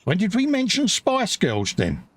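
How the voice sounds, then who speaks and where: A man's voice: sits high, huge pitch swings, a little slow. A middle-aged man from the UK hosting a casual live chat show, reading out viewer comments and bantering with friends. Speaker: livestream host.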